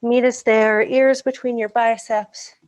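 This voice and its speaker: A woman leading a live-streamed yoga class, calmly cueing breaths and poses, a little out of breath, heard over a video call. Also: on the high side, unhurried. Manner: calm breath-paced cueing, occasional self-corrections. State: slightly out of breath. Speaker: yoga instructor.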